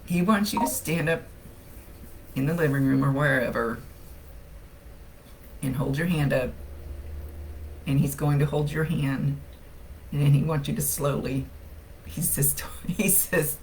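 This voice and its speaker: A woman's voice: low voice, measured pace, long pauses, darkish tone, a little hiss or hum. A woman giving a casual live-streamed psychic reading. She chats freely, laughs often and gets teary along the way. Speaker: psychic medium.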